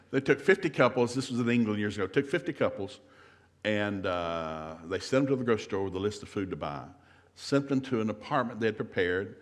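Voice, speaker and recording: Folksy joking man teaching a marriage seminar. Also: on the low side. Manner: folksy, joking, acts out couples' dialogue. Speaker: guest seminar speaker. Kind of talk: humorous marriage seminar talk.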